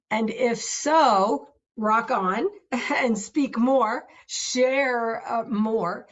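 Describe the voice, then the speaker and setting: A middle-aged woman coach talks at an unhurried pace in a casual, heartfelt advice style. She sounds enthusiastic and laughs easily. The recording is slightly dull and lo-fi. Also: on the high side, animated. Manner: warm, earnest and enthusiastic, laughs often. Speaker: confidence speaking coach.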